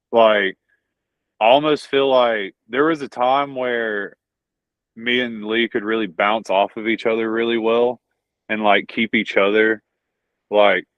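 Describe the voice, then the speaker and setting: Southern male wrestler, low voice, casual and profane interview talk, lo-fi dry recording. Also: dry recording. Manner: profane, rambling, says "dude" and "bro". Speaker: pro wrestler guest. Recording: dull lo-fi dry audio.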